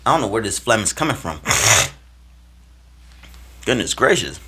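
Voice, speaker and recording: A young man from Minnesota telling a personal story to camera in a casual, slangy, animated way, swinging between loud and hushed. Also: fairly low pitch, normal speed, breathy edge. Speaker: vlogger.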